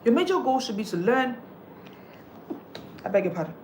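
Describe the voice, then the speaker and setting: A woman's voice: on the high side, very animated, moderate pace, a little mellow, a little hiss or hum. A woman, coaching listeners on how they speak, emphatic and repetitive as she drives each point home. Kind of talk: motivational coaching talk.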